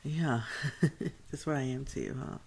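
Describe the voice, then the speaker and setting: A woman in a teasing, breathy whispered role-play, taunting the listener. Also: a bass voice, measured pace, dark tone, a little hiss or hum. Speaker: erotic audio performer.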